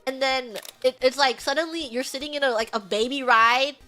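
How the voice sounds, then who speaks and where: A young woman streamer casually retelling an outing, animated and laughing often. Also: high voice, moderate pace. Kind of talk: casual storytelling chat. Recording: faint music behind.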